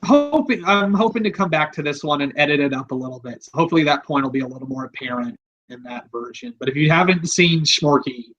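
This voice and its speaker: A podcast host with a somewhat high voice rambles through the story in loose, offhand chat and swears freely. The recording sounds dull and lo-fi. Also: male voice, quick pace, hardly any pauses, fairly bright tone.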